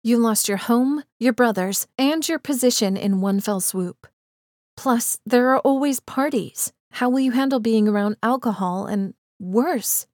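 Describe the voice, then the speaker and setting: A woman's voice: fairly high pitch, measured pace, a little mellow, no room sound, studio quality, close to an everyday voice. Woman voicing an exasperated young girlfriend. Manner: pointed, rising to anger. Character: frustrated young woman confronting her boyfriend.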